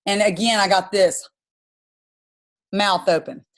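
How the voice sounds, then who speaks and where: A woman's voice: mid-range voice, steady tone, slow. Woman in her forties, enthusiastic, chatty, rambling, video call host. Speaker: host of a business team call. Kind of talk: casual storytelling on a video call.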